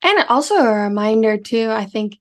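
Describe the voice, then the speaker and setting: A woman's voice: on the high side, expressive, moderate pace. A young woman, co-hosting a podcast, chiming in with supportive, laughing interjections. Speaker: podcast co-host. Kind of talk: casual chat.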